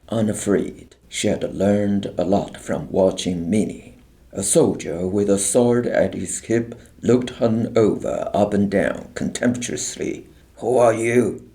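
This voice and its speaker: A man narrating an audiobook in a measured, grave storytelling manner. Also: on the low side, gravelly, mellow.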